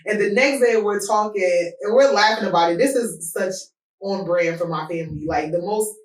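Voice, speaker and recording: A woman hosting an advice podcast, talking casually and telling personal stories with lively swings in her voice. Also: moderate pace. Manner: animated, voice jumps high when telling a story. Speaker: podcast host. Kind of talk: personal advice talk with storytelling. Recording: roomy sound from a distance from the mic.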